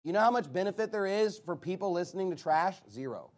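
High-voiced man preaching emphatically. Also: animated, fast talker. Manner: emphatic, repeated rhetorical questions with one-word answers. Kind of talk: sermon.

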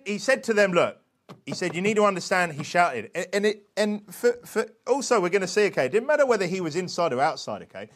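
A man preaching a sermon, dropping to quiet asides and then shouting scripture. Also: high-pitched. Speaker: pastor.

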